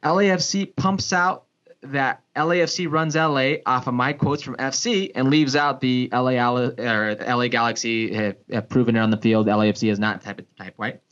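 A man, a sports broadcaster and former pro soccer player, telling a story in a casual podcast chat, with big pitch swings and frequent restarts. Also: normal speed, a bit bright. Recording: dull lo-fi podcast audio.

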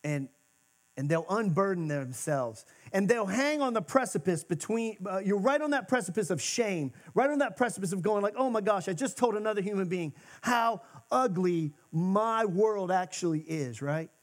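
A male pastor giving a sermon in a church, talking conversationally and moving between emphatic and hushed moments. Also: high-pitched, expressive, normal speed. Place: church sanctuary.

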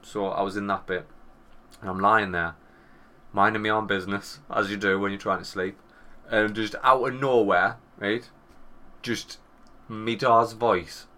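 Northern english bloke, 30s, bright tone, swears a lot, tells a story doing the other people's voices. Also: male voice, lowish voice, a little slow. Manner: swearing, animated anecdote with quoted voices. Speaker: podcast co-host. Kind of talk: casual storytelling chat.

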